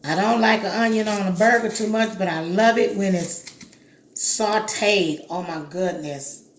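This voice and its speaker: Woman cooking-show host, unhurried and chatty, talks to the viewer, roomy kitchen echo. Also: mid-range voice, slight background noise. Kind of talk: casual cooking demonstration.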